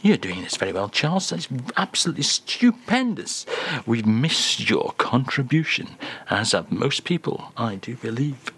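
A man's voice: medium pitch, big pitch swings, normal speed, a bit bright, breathy edge. A man hosting a comedy radio show, talking in a theatrical, mock-grand way with swooping emphasis. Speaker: radio host. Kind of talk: comic radio chat.

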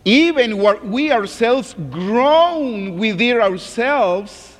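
High-voiced pastor in a reverberant hall. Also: male voice, animated. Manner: reads scripture slowly, drops to a hushed groan. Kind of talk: sermon.

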